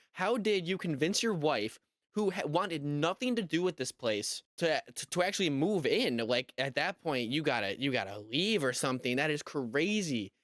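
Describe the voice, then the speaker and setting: A man's voice: a little high, a bit bright, dry recording, studio quality. A young man giving casual reaction commentary, incredulous and rambling, full of "like" and repeated questions. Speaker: commentary YouTuber.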